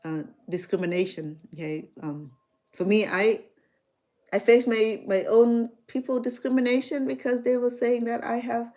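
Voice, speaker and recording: This chef and vlogger is a middle-aged woman from Cambodia whose accented voice sits on the high side at a moderate pace. Talking casually to her audience, she brings her stories to life by performing the conversations, frequently starting over mid-thought.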